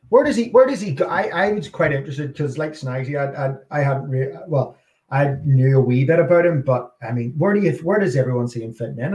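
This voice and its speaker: A man's voice: mid-range voice, darkish tone. A Scottish man on a football podcast, musing and thinking aloud with restarts. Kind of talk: casual football chat. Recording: echoey room.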